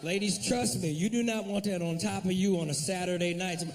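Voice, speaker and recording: Dude doing stand-up, high gravelly voice, talks right at the crowd, swears a lot, kinda far from the mic. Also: male voice, fairly quick, slight background noise. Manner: profane, animated, crowd-addressing. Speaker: stand-up comedian. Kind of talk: stand-up routine. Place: comedy club stage.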